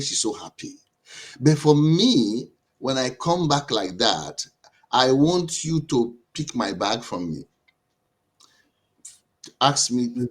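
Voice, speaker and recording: A married man on a discussion panel, using his own life as an example in a personal, storytelling way with halting restarts. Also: medium pitch, husky. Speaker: panel guest.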